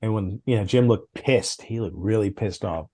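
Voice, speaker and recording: A man's voice: lowish voice, normal speed, no room sound, clean studio sound. A middle-aged man, a former comics editor, telling stories in an interview and acting out the dialogue. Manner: animated, acts out quoted dialogue. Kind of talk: interview storytelling.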